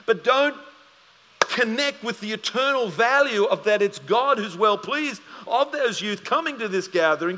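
A man's voice: high-pitched, sharp tone, in a large hall. A man preaching a sermon as pastor, telling stories animatedly and acting out both sides of a conversation.

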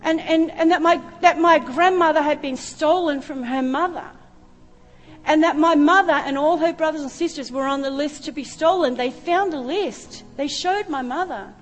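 A woman's voice: high voice, fairly quick. A middle-aged woman preaching a sermon, telling her own story with emotion. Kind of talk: sermon testimony. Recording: reverberant hall with faint music.

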